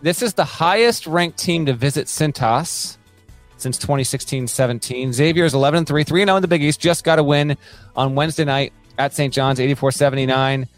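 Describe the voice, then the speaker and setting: Man, slightly high voice, animated sports podcast co-host, quick asides, faint music underneath. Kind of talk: casual sports podcast chat.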